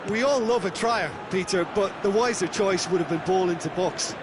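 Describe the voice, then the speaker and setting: Measured high-pitched male football pundit. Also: noisy background. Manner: measured, analytical. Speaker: color commentator. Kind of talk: video game match analysis. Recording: game audio over loud stadium crowd.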